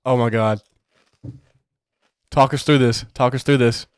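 A man on a casual podcast, excited and urging, swearing often. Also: mid-range voice, unhurried, smooth, no echo, clean studio sound. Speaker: podcast co-host.

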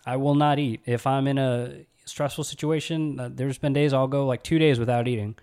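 A young man from Alabama talks through a personal story as a podcast host. His voice sits in an ordinary middle pitch. He rambles in a relaxed way, circling back with fillers and restarts. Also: normal speed, smooth.

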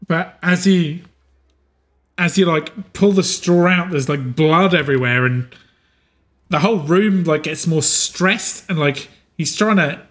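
Bright-voiced, halting male game master. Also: a little high. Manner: halting, full of "um" and "like", laughing often. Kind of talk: improvised tabletop game narration.

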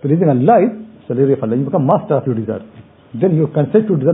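A man delivers an earnest Quran commentary in a sermon style, often repeating and restarting his phrases. He speaks at a brisk, rushing pace. The audio is thin and tinny, like a phone line. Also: mid-range voice, sing-song. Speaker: Islamic scholar teaching tafsir.

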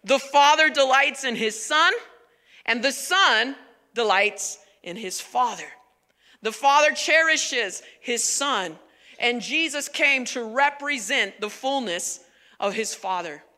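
Woman preaching at church, high bright voice, chatty and emphatic, big echoey hall. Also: takes it slowly. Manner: animated, emphatic, conversational. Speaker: pastor. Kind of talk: sermon. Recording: long reverb of a large hall.

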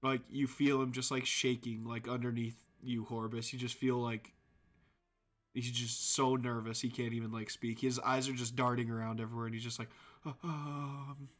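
A man describing a scene in a tabletop game, halting and full of filler words. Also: medium pitch, flat delivery. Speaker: player. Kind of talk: casual tabletop game narration.

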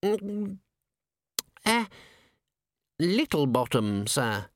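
A man's voice: a little high, big pitch swings, very slow, no echo, studio quality, pitched above the performer's own voice, exaggerated voice. A man voicing a nervous, earnest young dwarf alchemist who keeps politely adding sir, in an audiobook reading. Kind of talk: audiobook character voice.

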